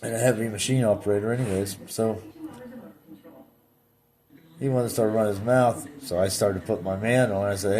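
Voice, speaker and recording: A man with a fairly low-pitched voice vlogs a casual story at normal speed, pausing often. He's blunt and plainspoken, animatedly reenacting his own replies with a repeated "I said."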